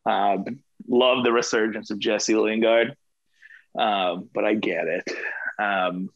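A man co-hosting a casual football podcast, delivering his jokes deadpan and sarcastic. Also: lowish voice, takes it slowly, vocal fry, dry recording. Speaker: podcast co-host. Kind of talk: casual sports chat. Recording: dull, dry lo-fi sound.

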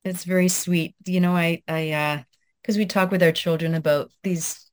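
Thoughtful female author, thirties, lowish voice, hesitant and reflective. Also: steady tone, normal speed. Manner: soft, reflective, with many hesitations and restarts. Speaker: guest author. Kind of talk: conversational interview, then reading her own essay aloud.

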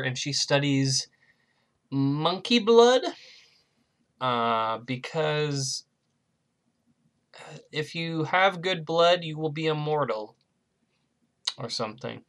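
A man's voice: mid-range voice, a bit bright. A man co-hosting a movie podcast, rambling through plot summaries with lots of fillers and jokes. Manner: rambling, joking, many fillers. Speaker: podcast co-host. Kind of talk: casual chat.

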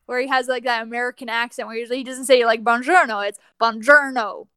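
A woman's voice: a little high, flat delivery, rapid-fire, fairly bright tone, smooth, no room sound, clean studio sound. A woman chatting casually about a film on a remote call, full of "like" and the odd swear word. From Canada. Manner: chatty, peppers speech with "like", swears freely. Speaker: podcast co-host.

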